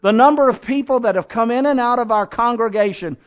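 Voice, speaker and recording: A pastor with a strikingly high-pitched voice preaches to his congregation. He tells the story like a dramatist, one moment lifting into fervent exhortation, the next dropping low and confiding. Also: a little fast. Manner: dramatic storytelling, acting out scenes; swings between raised exhortation and low intimate asides. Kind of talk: sermon.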